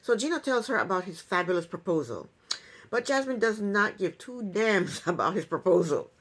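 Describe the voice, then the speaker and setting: A woman's voice: mid-range voice, big pitch swings, moderate pace, fairly bright tone, slight background noise. A woman giving a casual reality TV recap in an opinionated, sarcastic way, with chuckling asides.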